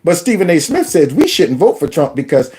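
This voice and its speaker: A man's voice: a little high, sing-song, a little fast, mellow. A man hosting a political commentary vlog, folksy and storytelling, who keeps calling his audience y'all. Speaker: host.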